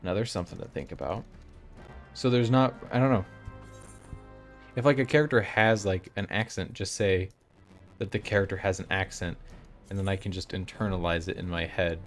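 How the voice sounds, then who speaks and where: A man's voice: deep voice, normal speed, pauses often, faint music behind. A young man chatting casually on a live stream while playing a game, rambling and opinionated, with frequent restarts.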